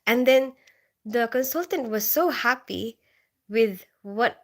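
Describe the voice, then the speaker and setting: A woman's voice: on the high side, slow pace. A woman from the Philippines hosting a casual livestream, chatting and reading viewer comments aloud, often laughing. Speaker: livestream host reading chat. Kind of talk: casual live chat. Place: bedroom.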